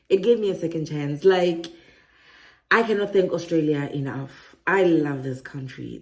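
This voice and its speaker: A woman from Africa, talking excitedly in a casual vlog and laughing often. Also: low voice. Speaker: relocation vlogger. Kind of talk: casual enthusiastic vlog talk.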